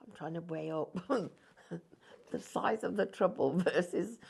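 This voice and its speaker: A woman's voice: on the low side, a little slow, gravelly, husky. A woman, presenting on a shopping channel and telling a funny story in casual chat. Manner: animated, laughs through the story.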